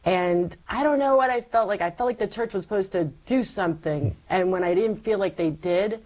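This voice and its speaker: A woman as an interview guest, giving a personal faith testimony as a lively storyteller who acts out her past self. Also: medium pitch, moderate pace, poor audio.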